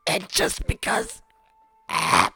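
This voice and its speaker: A man's voice: sharp tone, no echo, soft background music. A man voicing a feisty, prickly teenage girl in a visual novel, reading her lines in a bratty, teasing way. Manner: bratty, teasing, quick to snap back.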